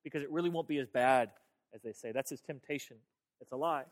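A man's voice: medium pitch, fast. A man pastor preaching a sermon in a conversational way, often repeating words and talking straight to his listeners. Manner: conversational, repeats words, talks to the audience directly.

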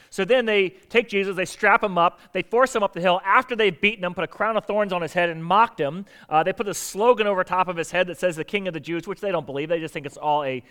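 A high-pitched male pastor preaches a sermon with animation, posing rhetorical questions and acting out the lines he quotes.

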